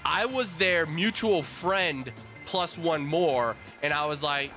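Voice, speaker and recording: A man streaming with viewers, telling a casual, animated story with plenty of swearing and restarts. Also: a little high, slow, soft background music. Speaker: streamer host. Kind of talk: casual storytelling while gaming.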